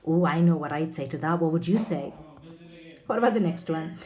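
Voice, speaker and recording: A woman teaching an online English lesson, asking the viewer questions in an expressive way. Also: deep voice, a little fast.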